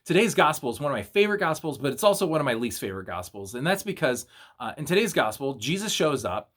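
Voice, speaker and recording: A young man, a youth minister, giving a casual video devotional and retelling a story in an animated, slangy way. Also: medium pitch, fast.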